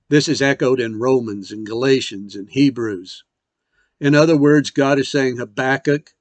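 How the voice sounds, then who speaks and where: A man's voice: mid-range voice, unhurried, dry recording. A man preaching a sermon as a missionary, earnestly paraphrasing scripture with rising and falling emphasis.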